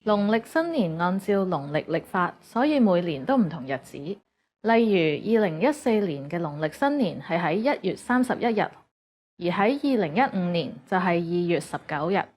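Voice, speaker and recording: A woman narrating a scripted lesson in an even, measured way. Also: lowish voice, a little hiss or hum.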